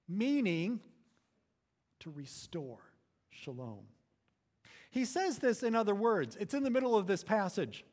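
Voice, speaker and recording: A man preaching a sermon, building to loud emphatic phrases and then dropping low and quiet. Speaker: pastor.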